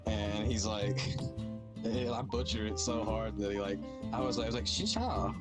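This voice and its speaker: Very deep-voiced young man rambling a story. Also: little pitch movement, moderate pace. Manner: rambling, laughing at his own story, slangy. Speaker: storyteller in a voice-chat hangout. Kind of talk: casual storytelling. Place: online voice chat at home. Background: music playing.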